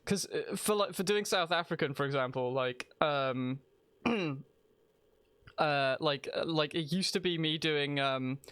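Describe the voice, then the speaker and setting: A man's voice: fairly high pitch, measured pace, a bit bright, clean tone. A man streaming a video game, chatting casually and rambling as he thinks aloud, often restarting his sentences. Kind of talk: casual live-stream chat while gaming.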